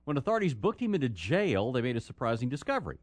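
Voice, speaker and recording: Lively radio host man, dry mic. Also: mid-range voice, fast talker, no room sound. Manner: lively, jokey, reads items aloud with asides. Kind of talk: casual morning radio chat.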